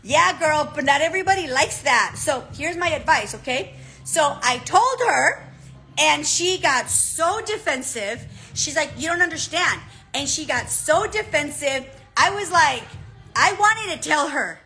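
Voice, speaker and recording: A woman coach giving a direct, animated motivational talk, often checking in with "okay?". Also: high-pitched, normal speed, soft background music, low-quality recording. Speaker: business coach.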